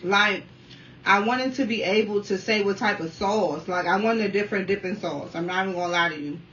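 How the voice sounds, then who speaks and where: A woman in her thirties from the Washington, D.C. area, chatting casually while eating on camera at home and keeping up a steady stream of remarks to her viewers. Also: medium pitch, brisk. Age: 30s. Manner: talkative, keeps addressing viewers as y'all. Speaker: mukbang vlogger. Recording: dull, slightly distant sound with faint room noise.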